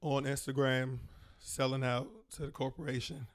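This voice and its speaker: A man from Maryland, a comedian guest in a casual podcast chat, ranting in slangy, animated bursts with mocking impressions. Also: mid-range voice, moderate pace. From Prince George's County, Maryland.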